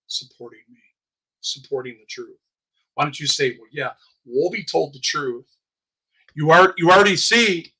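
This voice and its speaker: A man's voice: high-pitched, sharp tone, husky, low-quality recording. A man in a wheelchair delivering an impassioned, preachy monologue about police and rights, swearing often. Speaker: activist vlogger.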